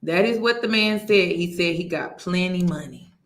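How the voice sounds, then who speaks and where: A woman's voice: fairly low pitch, normal speed, echoey room. A woman hosting a reaction commentary, speaking incredulously and mocking. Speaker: commentary host.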